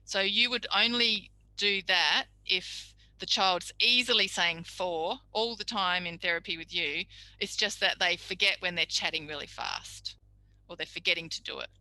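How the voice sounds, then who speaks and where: A woman's voice: lowish voice, normal speed, sharp tone, no echo, low-quality recording. A middle-aged woman, a speech pathology tutor giving a chatty, practical tutorial lecture. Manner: chatty, practical, acts out little quoted exchanges.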